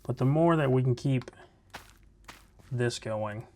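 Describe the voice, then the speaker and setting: A man's voice: medium pitch, slow, dark tone. A man hosting a Minecraft let's play, giving casual, laid-back commentary and thinking aloud as he plays.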